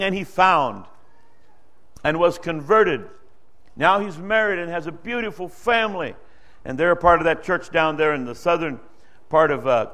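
Earnest high-voiced male preacher. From Dutch-speaking background. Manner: earnest storytelling preacher, rises and drops in pitch and loudness. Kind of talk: sermon.

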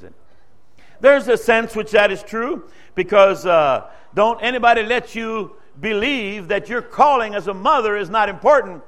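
A man's voice: lively intonation, unhurried. A man preaching a sermon, telling a testimony story in an earnest, storytelling way, his voice rising and falling. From Dutch-speaking background. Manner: earnest storytelling preacher, rises and drops in pitch and loudness.

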